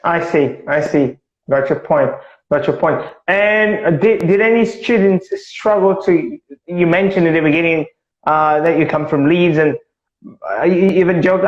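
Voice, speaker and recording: A high-voiced man who speaks English as an asks questions on a live video call, stopping and restarting, then grows lively as he tells a story. His voice sits high for a man, and the call sounds roomy and a little muffled. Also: a little slow. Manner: hesitant, many fillers and restarts, animated when telling stories. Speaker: interviewer. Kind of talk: casual live-stream interview.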